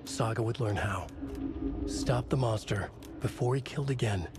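An actor giving measured, brooding noir narration in short fragmented phrases for a video game. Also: male voice, lowish voice, close to an everyday voice. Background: game music.

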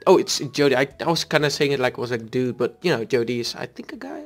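A man's voice: mid-range voice, moderate pace, hardly any pauses, fairly bright tone, faint music behind. A man giving casual gameplay commentary as a let's play host, reading in-game dialogue aloud and chatting back to it.

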